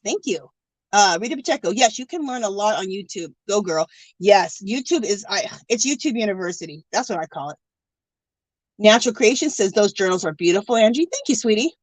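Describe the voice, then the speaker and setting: A middle-aged woman hosts an art livestream from home, chatting casually and reading viewer comments. She is warm, gushing, teary and a bit scattered, and her mid-range voice has no echo.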